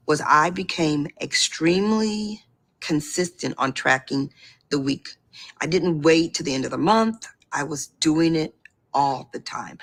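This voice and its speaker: Low-voiced woman telling her story. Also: breathy edge. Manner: animated, laughing, acts out quotes. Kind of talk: personal storytelling.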